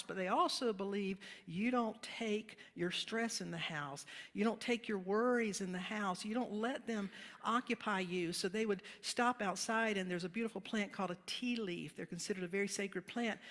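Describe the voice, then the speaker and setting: A woman pastor giving a sermon in a conversational, storytelling manner, laughing now and then with her congregation. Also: medium pitch. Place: church sanctuary. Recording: reverberant sanctuary hall.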